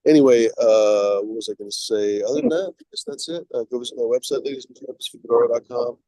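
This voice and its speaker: A man's voice: medium pitch, animated, mellow, no room sound, poor audio. A man hosting a casual video stream, rambling and stopping often to find his words. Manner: rambling, halting with fillers. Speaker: show host. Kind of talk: casual livestream chat.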